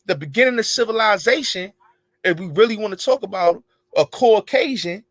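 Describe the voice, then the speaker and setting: A man's voice: high voice, animated, moderate pace, fairly bright tone, dry recording. A man hosting an online show, delivering a rambling, emphatic monologue full of profanity and street slang. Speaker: show host. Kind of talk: casual monologue.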